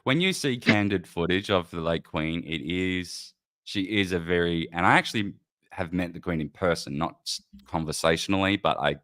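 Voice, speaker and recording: Deep-voiced man hosting a casual stream. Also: moderate pace, a bit bright, dry recording. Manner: rambling, laughs often, swears freely. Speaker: podcast host. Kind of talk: casual live-stream chat.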